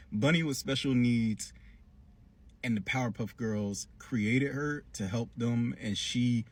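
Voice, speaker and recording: A man giving a casual, slangy recap of a cartoon episode with animated storytelling. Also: medium pitch, husky. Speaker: cartoon reviewer.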